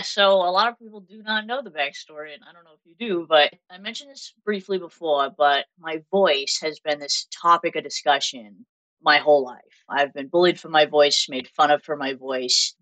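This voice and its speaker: A woman's voice: low voice, normal speed, fairly bright tone, dry recording, rough recording. A young woman from Southern Massachusetts with a Massachusetts accent, chatting openly as an interview guest and laughing often. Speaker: guest, content creator. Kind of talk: casual interview talk.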